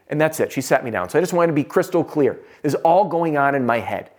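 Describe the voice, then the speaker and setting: A man teaching sales, telling a self-deprecating story in an animated, conversational way. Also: on the high side, fast. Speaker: sales trainer.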